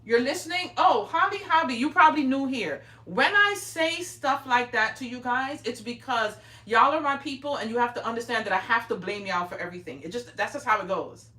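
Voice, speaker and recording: Brash, bossy woman, bright voice, roomy echo. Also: a little high, expressive, brisk, few pauses, distant mic. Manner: brash, profane, bossy teasing. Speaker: craft livestream host. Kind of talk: casual livestream chat while crafting. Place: home craft room. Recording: roomy echo, speaking away from mic.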